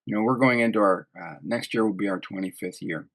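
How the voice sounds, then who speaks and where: A man hosting a podcast, talking in a relaxed, conversational way about his own business. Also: fairly low pitch, fast talker. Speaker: podcast host. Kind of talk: casual interview chat.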